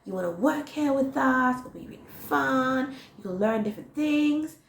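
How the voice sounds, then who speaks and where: A woman's voice: high-pitched, lively intonation, moderate pace, slight background noise, voice pushed up. A woman voicing an eager, friendly male salon owner who coaxes her along. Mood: coaxing. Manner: coaxing, upbeat. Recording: roomy echo.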